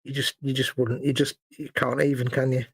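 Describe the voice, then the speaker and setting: A man's voice: medium pitch, flat delivery, a little fast, creaky, slightly rough, dry recording. A British man co-hosting a live painting stream, bantering with jokes, teasing and cheeky asides. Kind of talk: casual banter while painting.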